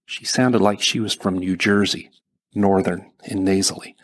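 A man reads a first-person audiobook in a low, slightly husky voice. His storytelling stays steady and even, carrying the listener through the scene. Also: measured pace. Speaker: audiobook narrator.

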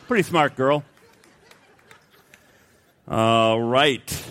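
A middle-aged man preaching a sermon. He opens with a folksy joke and then prays in a hushed, earnest voice. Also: mid-range voice, fairly even intonation, takes it slowly, long pauses, a little hiss or hum. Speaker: pastor.

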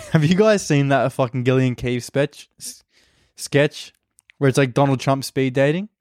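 A man's voice: mid-range voice, measured pace, a little mellow, dry recording. A young Australian man hosting a podcast, rambling crudely and self-deprecatingly in a casual comic monologue on a close mic. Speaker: podcast host.

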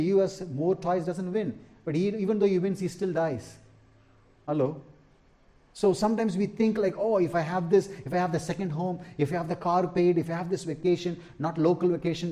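A man's voice: on the high side, dark tone. Man preaching with emphatic repetition. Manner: emphatic preaching, repeats key lines, asks the congregation "Amen?". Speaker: pastor. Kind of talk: sermon.

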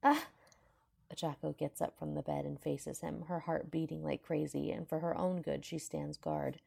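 Low, gravelly woman reading a story. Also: level tone, moderate pace, mellow. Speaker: fanfiction reader. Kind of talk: audiobook narration of a fanfiction.

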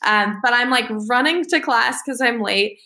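A woman in her thirties, a guest in a casual interview, telling animated stories and acting out the voices of people in them. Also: on the high side, moderate pace, gravelly. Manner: animated, acts out quoted voices. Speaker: interview guest, naval aviator and author.

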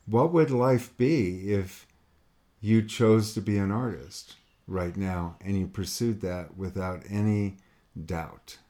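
A man's voice: lowish voice, slow pace, dark tone. A middle-aged man giving an earnest motivational monologue to a listener, repeating his questions and acting out quoted voices.

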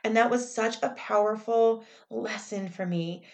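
A woman's voice: fairly high pitch, measured pace, a little mellow. Candid woman reflecting on personal growth. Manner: candid, self-reflective, retelling her inner thoughts aloud.

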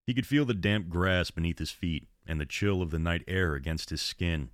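Male horror storyteller, deep and measured, dry booth sound. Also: dry recording. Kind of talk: reading his own horror story.

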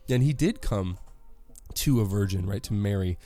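A man's voice: lowish voice, moderate pace, warm tone, soft background music. A man giving a casual devotional talk on a worship song, rambling and correcting himself with many fillers.

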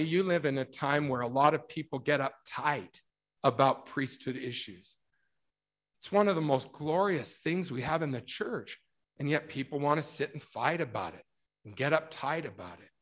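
A middle-aged man giving a religious talk, telling a story and acting out the quotes with lively emphasis. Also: fairly high pitch. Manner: storytelling, animated, acts out quotes. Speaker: speaker.

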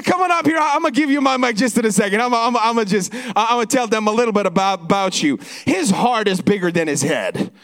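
A man speaking to a church congregation, energetic, repeating words as he introduces the next pastor. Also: extremely high pitch. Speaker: church worship leader. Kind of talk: church service talk.

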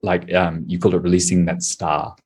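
Male podcast guest, low husky voice, chatty, laughs a lot. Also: little pitch movement, darkish tone. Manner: chatty, laughs often, quick bursts of delight. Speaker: coaching client, guest. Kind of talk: casual podcast conversation.

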